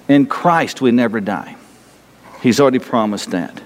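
A man's voice: mid-range voice, normal speed, big-room sound. A man preaching a sermon, emphatic and rambling, pressing his listeners with repeated questions. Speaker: pastor.

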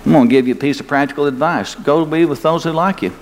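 Here an older male pastor's sermon comes across in a fairly high pitch at a quick pace, folksy and emphatic, with his voice climbing on key points. The church sanctuary gives long hall reverb and faint ambience, plus a little hiss or hum.

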